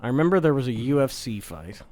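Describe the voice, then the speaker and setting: A man's voice: mid-range voice, sing-song, quick pace, a little mellow, dry recording. A man co-hosting a podcast, teasing the others with sarcastic remarks. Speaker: podcast co-host. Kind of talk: casual banter.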